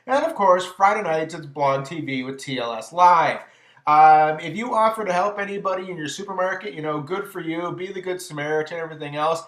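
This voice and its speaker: Male vlog host, slightly high voice, chatty and exasperated storyteller, roomy echo. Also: a bit bright. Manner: chatty, exasperated, lots of "you know". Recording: echoey room.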